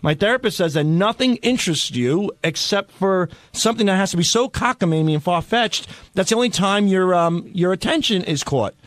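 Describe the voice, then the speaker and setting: A man's voice: high-pitched, expressive, a little fast, few pauses, no room sound. A man telling rambling, self-deprecating stories in radio studio banter. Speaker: radio show staffer.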